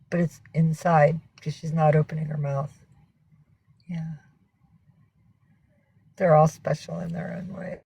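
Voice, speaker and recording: A woman's voice: low voice, flat delivery, slow, creaky, pauses often, dark tone, slightly rough, rough recording. A woman hosting a casual livestream from home, rambling and swearing as she greets viewers and coaxes her cats. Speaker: livestream host.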